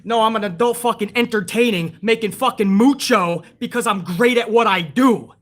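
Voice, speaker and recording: Speaking at normal speed in a high-pitched, somewhat bright voice, a man hosts a livestream reviewing wrestling. He rants casually with heavy profanity and reads from the chat.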